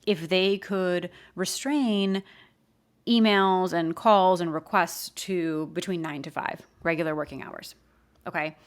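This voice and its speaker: A woman hosting a podcast, giving casual advice in an emphatic, animated way and laughing often. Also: fairly low pitch, takes it slowly, clear, resonant tone. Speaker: podcast host.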